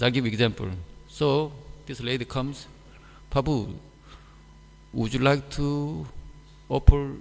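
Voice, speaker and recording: A man giving a scripture class in halting, simple non-native English, turning animated when he mimics others. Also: medium pitch, gravelly. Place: temple hall. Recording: echoey hall.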